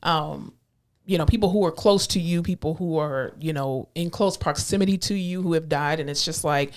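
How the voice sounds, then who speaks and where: A woman ICU nurse co-hosting a podcast in casual chat, animated, acting out quoted voices with big pitch jumps. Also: moderate pace. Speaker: podcast co-host.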